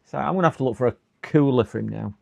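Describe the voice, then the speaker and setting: A man's voice: medium pitch, racing, gravelly. A middle-aged man from the UK chatting casually on a live repair stream, muttering to himself, answering viewers and now and then groaning in exasperation. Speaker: livestreaming repair technician. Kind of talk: casual live-stream chat while working.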